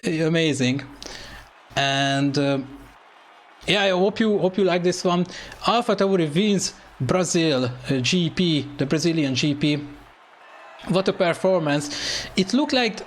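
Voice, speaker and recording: A man commentating an online sim racing event, excitable and hesitant, with phrasing and lots of fillers. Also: fairly high pitch, slow, pauses often. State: out of breath. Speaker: race commentator.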